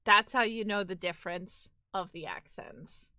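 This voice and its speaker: A woman's voice: medium pitch, measured pace, pushed and bright, no echo, studio quality. A woman with a Brooklyn-tinged New York accent, chatting casually and animatedly with viewers as a live streamer, full of "like" and the odd swear. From near New York City. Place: home.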